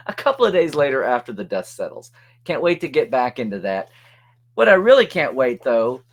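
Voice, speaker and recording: A man hosting a casual weekly web show, chatty and upbeat, with plugs and thank-yous to supporters. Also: medium pitch. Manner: chatty, upbeat, reads out supporter shout-outs. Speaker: show host.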